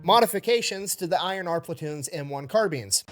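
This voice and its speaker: A man's voice: sits high, animated, a little fast, over music. A man casually narrating a history story, joking and swearing with lots of energy.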